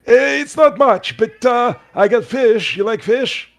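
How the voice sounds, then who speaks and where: A man's voice: extremely high pitch, animated, takes it slowly, gravelly, pitched above the performer's own voice, full character voice. A man voicing a folksy elderly male boggart fisherman who cheerfully welcomes travelers to his camp. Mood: folksy friendly.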